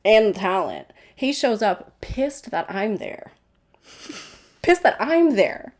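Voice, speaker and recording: A woman's voice: a little high, very animated, slow, a little mellow. A young woman on a podcast, telling a story in a casual chat and acting out the voices of the people in it, laughing often. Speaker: podcast guest.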